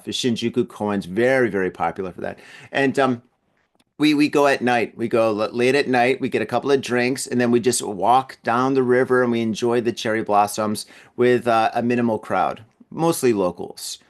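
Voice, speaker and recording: Chatty man hosting a podcast. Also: mid-range voice. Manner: rambling and chatty, with frequent word repeats. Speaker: podcast host. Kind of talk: casual podcast chat.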